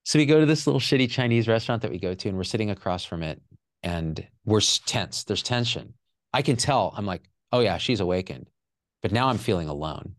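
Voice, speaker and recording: A man's voice: fairly low pitch, lively intonation, brisk, no echo, clean studio sound. A man guest on a podcast, telling an emotional personal story with raw, repeated phrases and some swearing.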